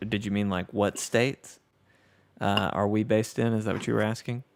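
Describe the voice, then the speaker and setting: A man's voice: on the low side, fairly even intonation, normal speed, gravelly, noisy background. A man with a Southern US accent hosting a casual gameplay livestream, reading chat aloud in an easygoing, self-deprecating way. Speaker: livestream host.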